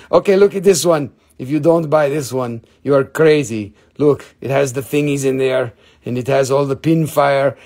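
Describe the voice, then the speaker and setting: A man's voice: a little high, a little mellow. A man in his forties hosting a live gemstone sales stream, chatting in a playful, rambling, jokey way and swearing casually. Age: 40s.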